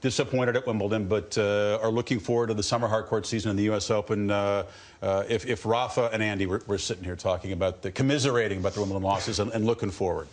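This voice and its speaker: A male sports interviewer with a lowish voice who talks quickly. His questions come briskly and upbeat, one after another. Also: fairly even intonation.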